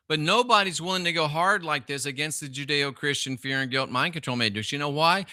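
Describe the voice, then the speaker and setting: A man hosting a solo livestream and reading chat aloud. He is preachy and sardonic, with sudden loud bursts. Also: a little high, fairly quick, few pauses, no echo, studio quality.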